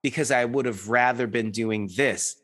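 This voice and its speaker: A man's voice: mid-range voice, normal speed, a bit bright. A man in his thirties talking in an earnest, rambling way, full of restarts and fillers, as a guest in a reflective conversation.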